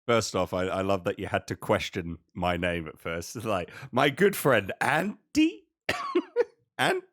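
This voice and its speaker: A man's voice: sits low, wildly swooping pitch, measured pace, fairly bright tone. A man co-hosting a podcast over a video call, joking and teasing with frequent laughter. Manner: jokey teasing, laughs often, mock outrage. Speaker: podcast co-host. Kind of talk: casual chat.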